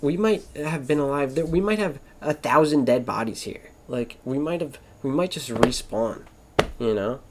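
A man's voice: mid-range voice, animated, normal speed, a little mellow, slight background noise. A man rambling through a casual monologue, swearing constantly, wandering between thoughts and trailing off mid-sentence. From Florida.

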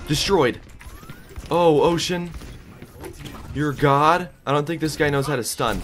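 A man's voice: a little high, slow pace, pauses often, a bit bright. A young man casually commentating his own gameplay, hyped and joking, trash-talking and laughing. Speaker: gaming YouTuber.

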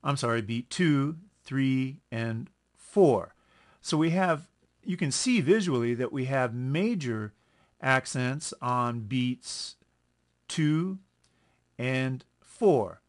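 Slow-talking male music teacher. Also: mid-range voice, expressive. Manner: slow, explanatory, self-correcting, counts beats aloud. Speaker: music instructor. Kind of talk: screen-recorded music lesson.

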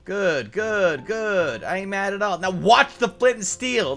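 A woman's voice: medium pitch, animated, normal speed, few pauses, fairly bright tone, soft background music. Exasperated, sarcastic woman gamer. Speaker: Minecraft gameplay commentator. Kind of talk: scripted gameplay commentary with a partner.

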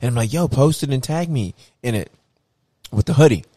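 A man's voice: medium pitch, lively intonation, a little fast, dark tone, husky, no room sound. A man in his thirties co-hosting a podcast, telling stories in casual chat and mimicking people in raised voices. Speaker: podcast co-host.

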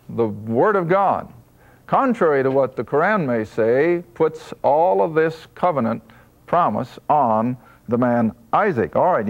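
A man teaching a Bible study lesson, emphatic and slowing down to stress key points. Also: mid-range voice, lo-fi sound.

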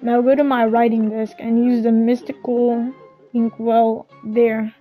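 A woman's voice: fairly high pitch, flat delivery, measured pace, phone-quality sound, soft background music, natural voice. A woman reading as a wise old kettle elder. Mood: advising.

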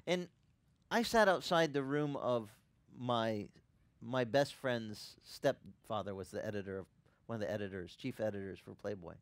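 A man's voice: normal speed, no room sound. Conversational storytelling male pastor, dry sound. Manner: conversational storytelling, rising in pitch and volume when impassioned. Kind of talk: sermon. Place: church ministry in Hawaii.

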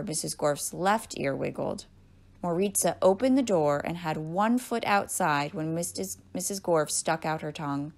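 Librarian storyteller, woman, lower pitch, creaky read-aloud delivery. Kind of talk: children's story reading.

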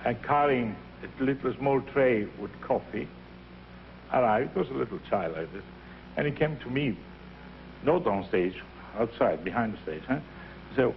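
An older man with an Italian accent coaches young singers, his speech animated as he acts out little scenes and voices. The recording is dull and lo-fi, with a faint hiss behind him. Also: medium pitch, moderate pace, vocal fry. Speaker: opera teacher leading a masterclass. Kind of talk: teaching and storytelling.

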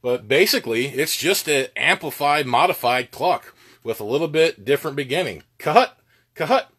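A man's voice: mid-range voice, lively intonation, moderate pace, fairly bright tone, breathy edge. A man giving a casual lesson on goose calling, plainspoken and folksy, with plenty of filler words. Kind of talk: casual instructional talk.

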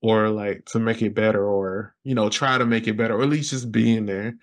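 A man as a podcast guest telling a personal story in casual interview talk, rambling with fillers and jumping high in pitch when he quotes others. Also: fairly quick. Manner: animated, jumps high when quoting others.

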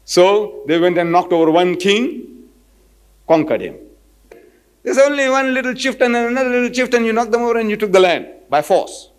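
A man speaks in a slightly higher register, telling a story from a lecture stage. His pitch swings widely as he builds rhetorical points. He keeps retelling conversations in lively detail. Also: moderate pace, clean tone, poor audio. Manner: animated, rhetorical, retells dialogue. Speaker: public speaker.

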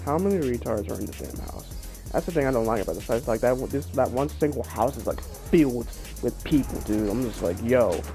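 Young guy gaming commentary in his room, cussing, annoyed, voice all over the place, game music loud underneath. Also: medium pitch, a little fast. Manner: swearing, easily annoyed, excitable outbursts. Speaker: gameplay commentator.

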